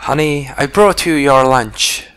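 A man reading the lines of a worried, caring wife who pleads gently. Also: medium pitch, a little slow, slight background noise. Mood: pleading.

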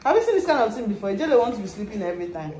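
A woman's voice: medium pitch, very animated, very fast, a crowd in the background. A woman vlogging casually at home, coaxing and calling her dogs and laughing often. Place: home indoors.

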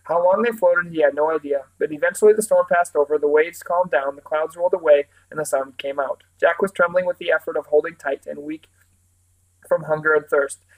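A man's voice: on the high side, fairly even intonation, fairly quick, low-quality recording. Man reading a children's book aloud. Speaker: storyteller.

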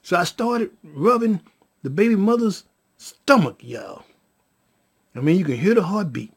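A man tells a story in a slow, unhurried way, with a husky edge to his voice. His pitch swings widely as he goes, and he repeats himself and lets his phrases fade out softly. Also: very animated. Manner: drawn-out, repetitive, trailing off quietly on "y'all". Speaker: storyteller vlogger. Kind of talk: casual storytelling.

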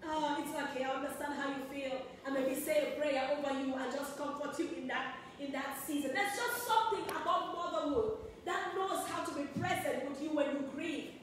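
A woman's voice: high-pitched, normal speed. A woman preaching a sermon, emotional and acting out the voices of the people in her stories. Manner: emotional, acts out quoted voices. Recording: very echoey hall, distant mic, faint noise.

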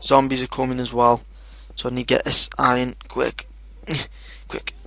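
Gravelly, swearing game commentator. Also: male voice, mid-range voice, fairly quick, no echo. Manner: excitable, swears a lot, shouts at his in-game dogs. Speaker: gaming video host. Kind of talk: casual let's play commentary.

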